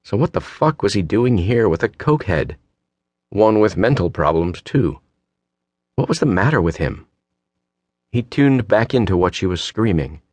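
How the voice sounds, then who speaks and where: Deep-voiced male audiobook narrator. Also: very animated, normal speed, long pauses, a little mellow, no room sound. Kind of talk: scripted narration. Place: recording booth. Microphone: close studio mic.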